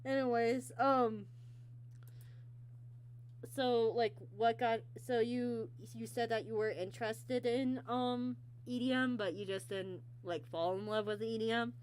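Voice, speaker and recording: A woman hosting a casual online interview, talking haltingly with many ums and restarts. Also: on the high side, fairly even intonation, a little mellow, a little hiss or hum. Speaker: interview host.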